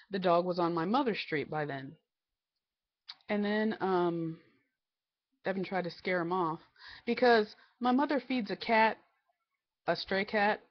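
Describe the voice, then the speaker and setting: A woman vlogging at home, telling a long family story in a fed-up, rambling way. She keeps replaying the back-and-forth of each argument, and the recording sounds a bit dull and lo-fi. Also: on the low side. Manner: exasperated, quotes family members in quick back-and-forth. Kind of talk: casual storytelling rant.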